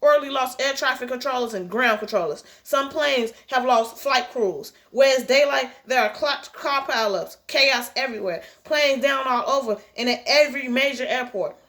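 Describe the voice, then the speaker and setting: A terse, blunt male pilot reporting over the radio, read by a woman. His lines come short and clipped. The voice is high and bright. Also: moderate pace, hardly any pauses. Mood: grave.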